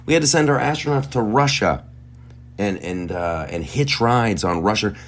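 A man's voice: on the low side, lively intonation, moderate pace. A man hosting a podcast, delivering a heated, profane and sarcastic rant. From United States. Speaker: podcast host. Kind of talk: ranting podcast monologue.

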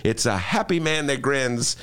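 A man putting on a grumpy 1950s TV sitcom husband who recites a calming mantra in a slow sing-song chant. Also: medium pitch.

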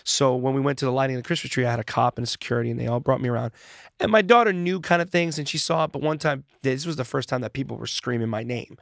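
Fast-talking man telling road stories. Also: medium pitch, vocal fry, no room sound, clean studio sound. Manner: animated storyteller, swears casually. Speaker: interview guest, former boy band singer. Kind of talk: casual interview chat.

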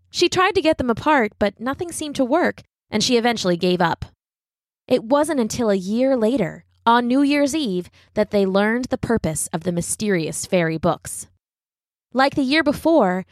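Expressive woman reading a children's story aloud. Her voice rises and falls a lot, and the sound is close and dry. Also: mid-range voice, no room sound. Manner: expressive, animated narration.

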